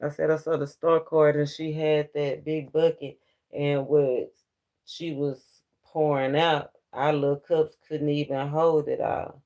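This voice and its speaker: A man's voice: on the high side, flat delivery, unhurried, darkish tone. A man giving a casual spiritual tarot reading, talking straight to his viewers in a preachy way and laughing often between points. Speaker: tarot reader.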